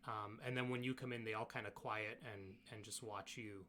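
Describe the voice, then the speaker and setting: A man's voice: on the low side, fairly even intonation, moderate pace, noisy background. A man narrating as game master in a casual, rambling way with many fillers. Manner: casual, filler-heavy, restarts often.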